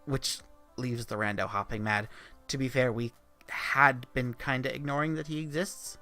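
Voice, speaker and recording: A man's voice: medium pitch, fairly even intonation, normal speed, sharp tone, soft background music. A man streaming, reading a visual novel aloud with playful, joking asides.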